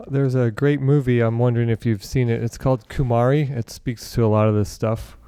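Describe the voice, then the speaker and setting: A young man with a smooth, mellow voice tells a story in casual chat. He is animated and uses lots of fillers, and he speaks on a video call. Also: mid-range voice, a little fast. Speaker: group participant.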